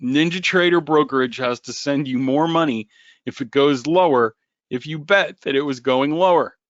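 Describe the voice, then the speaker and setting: A man hosting a live trading webinar, joking and animated as he talks to viewers by name. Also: fairly high pitch, moderate pace, dry recording. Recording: dull lo-fi webinar audio.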